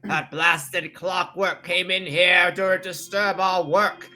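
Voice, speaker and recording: Man doing gruff old dwarf, bellowing, bright tone, high pitch. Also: steady tone, slow, full character voice. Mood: blustery. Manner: bellowing, blustery. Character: gruff older male amber dwarf, loud and startled.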